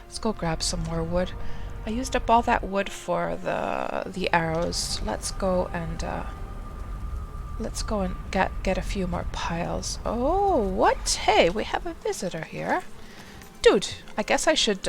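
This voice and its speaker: A woman's voice: on the low side, sing-song, measured pace, vocal fry, noisy background. A woman streaming a game live, chatting casually in a rambling way, often talking to herself and greeting her viewers.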